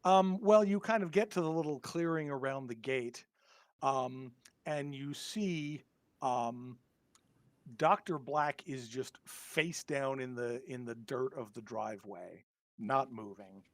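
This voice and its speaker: A man running a tabletop horror game as game master, describing scenes with many pauses and filler words. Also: mid-range voice, no echo.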